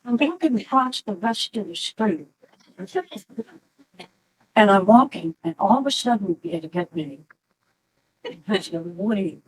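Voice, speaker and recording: A middle-aged woman, a mother, telling a halting, animated story at a memorial gathering. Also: mid-range voice, slightly rough, rough recording. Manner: slow, halting, animated when quoting. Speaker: mother of the deceased.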